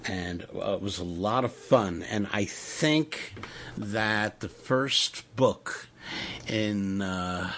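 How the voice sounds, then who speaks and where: A middle-aged man hosting a radio interview, talking in a rambling, halting way with many fillers. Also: on the low side, fairly bright tone, slight background noise. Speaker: radio host.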